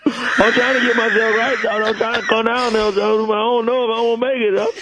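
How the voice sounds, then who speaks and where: A man voicing a brash, needy man who keeps saying "shout out" and "Shawty" on a radio comedy bit. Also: very high-pitched, fairly quick, heavy background noise, pitched below the performer's own voice. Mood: sobbing. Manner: says "shout out" and "Shawty" constantly; sobbing, overcome with emotion. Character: brash, needy adult man, a regular caller.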